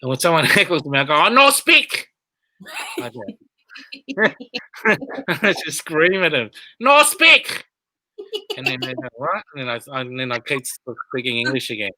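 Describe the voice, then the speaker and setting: Laughing comedian man, bright voice. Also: mid-range voice, normal speed, dry recording. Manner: rambling, animated, laughs, shouts quoted lines. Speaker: stand-up comedian guest. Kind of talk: casual interview storytelling.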